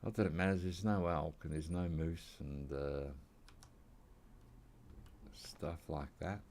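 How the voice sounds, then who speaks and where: A man's voice: a bass voice, fairly even intonation, slow pace, a little mellow, a little hiss or hum. An Australian man rambling casually while he plays a hunting game, drifting into side chat. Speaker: gaming channel host. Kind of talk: casual gameplay commentary.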